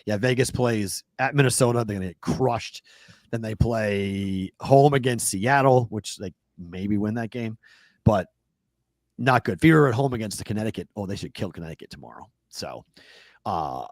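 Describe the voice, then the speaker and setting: Boston guy co-hosting a betting show; loose, animated, self-correcting, dry mic. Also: fairly low pitch, moderate pace, dry recording. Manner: animated, thinks aloud and corrects himself. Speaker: sports betting show co-host. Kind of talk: casual sports talk.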